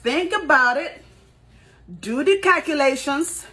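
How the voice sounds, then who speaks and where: A woman's voice: high voice, animated, slow, bright, forceful tone. A woman giving dramatic reaction commentary, exclaiming and laughing as she talks.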